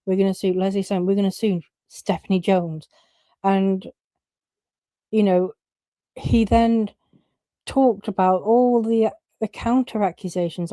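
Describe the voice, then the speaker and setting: A woman's voice: mid-range voice, warm tone, no room sound. A woman giving casual opinion commentary, blunt and opinionated, swearing and using lots of fillers.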